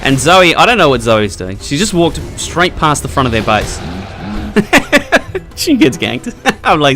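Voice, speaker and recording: A young man casually commenting on his own gameplay, chatty and quick to laugh, getting excitable in tense moments. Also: on the high side. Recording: faint background music.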